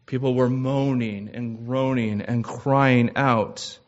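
A man preaching a sermon in a measured, earnest way, with frequent "uh" restarts. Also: mid-range voice, steady tone. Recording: slightly dull lo-fi sound.

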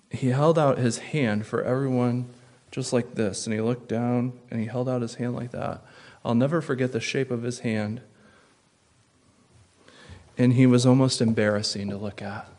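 A male pastor with a medium-pitched voice preaches emphatically, repeating key phrases. He shifts back and forth between hushed and loud delivery.

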